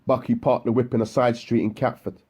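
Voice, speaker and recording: A man reading an audiobook in a steady, matter-of-fact narration. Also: medium pitch, brisk, slightly rough, highs cut off. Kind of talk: scripted narration. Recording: electronic music bed underneath.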